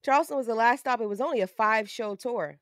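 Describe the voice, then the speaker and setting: A woman co-hosting a podcast in a hoarse morning voice, brash and profane, laughing often in casual chat. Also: fairly high pitch, fast, no echo, studio quality. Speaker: podcast co-host.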